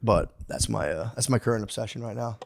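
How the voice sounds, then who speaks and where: A man's voice: on the low side, lively intonation, fast, vocal fry, a little hiss or hum. A man co-hosting a podcast in casual chat, rambling and profane, laughing often and slipping into mocking voices for quotes. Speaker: podcast co-host.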